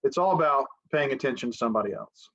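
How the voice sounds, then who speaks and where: A man's voice: medium pitch, expressive, quick pace, a bit bright, lo-fi sound. A man co-hosting a business podcast in casual chat, easygoing, cutting in with jokes. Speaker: podcast co-host.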